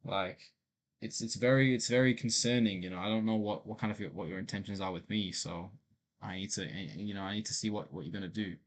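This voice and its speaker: A man's voice: lowish voice, fast talker. A man streaming a casual chat with an AI, talking in a blunt, teasing, slangy way.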